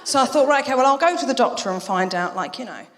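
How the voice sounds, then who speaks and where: A woman's voice: sits high, animated, fairly bright tone. A woman performing a live stand-up set on a theatre stage, brash and sweary, acting out the people in her stories. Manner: brash, swearing, quick act-outs of others. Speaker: stand-up comedian. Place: theatre stage before a laughing audience. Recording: roomy hall reverb, live venue.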